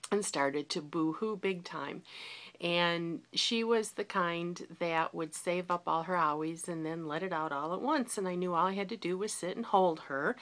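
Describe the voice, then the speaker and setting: Woman, forties, confessional video-diary delivery, lower register with a bright edge. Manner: candid, reflective, confessional. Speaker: vlogger.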